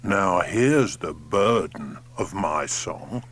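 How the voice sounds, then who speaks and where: A man reading an audiobook and voicing a slow, scheming old male tortoise who speaks deliberately. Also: low voice, animated, a bit bright, voice pushed down, full character voice. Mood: sly, deliberate.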